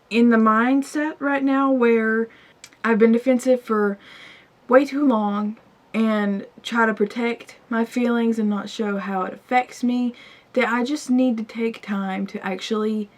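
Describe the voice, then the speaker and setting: A young woman in her twenties talking casually to camera in a personal vlog, confiding and emotional. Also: a little high. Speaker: vlogger. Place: store aisle, indoors. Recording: faint background music.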